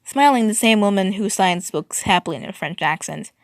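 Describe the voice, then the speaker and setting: A woman's voice: fairly low pitch, a little fast, no echo, clean studio sound. A woman reading fan fiction aloud, stumbling and restarting, with a wry tone.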